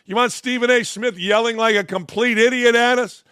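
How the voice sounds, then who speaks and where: A man's voice: extremely high pitch, fairly even intonation, normal speed, fairly bright tone, clear, resonant tone, dry recording, studio quality. A man in his sixties hosting a show, ranting in a mocking, sarcastic way with heavy emphasis. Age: 60s. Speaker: host. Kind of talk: sarcastic commentary rant.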